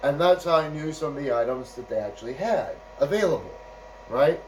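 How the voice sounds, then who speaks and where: A man's voice: on the high side, expressive, a little fast, distant mic, slight background noise, low-quality recording. A man telling a casual, rambling anecdote, chuckling often and checking in with "right?" and "you know". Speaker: storyteller.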